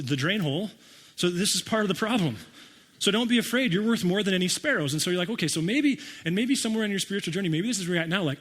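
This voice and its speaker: A pastor preaching a conversational sermon, acting out listeners' reactions with wry humor. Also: male voice, sits high, a bit bright, long reverb tail. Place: church sanctuary.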